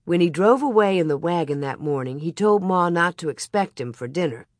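A woman reading a storybook aloud in a measured, expressive storytelling manner. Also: on the low side, no echo, studio quality. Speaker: audiobook narrator. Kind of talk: scripted storybook narration.

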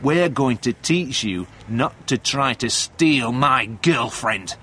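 A man voicing a jealous young bully in a read-aloud story, speaking slowly and threateningly. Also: medium pitch, a bit bright, a little hiss or hum, close to an everyday voice. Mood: menacing.

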